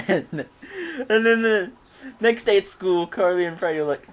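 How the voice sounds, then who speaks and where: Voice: mid-range voice, moderate pace. A fan recapping a TV episode in a casual vlog, rambling and giggling, with frequent restarts. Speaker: show reviewer.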